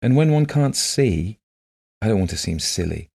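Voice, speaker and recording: A man reading the part of a gentle, shy blind woman who talks softly and earnestly in simple phrases. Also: on the low side, big pitch swings, normal speed, vocal fry, breathy edge, voice pushed up, heavily acted.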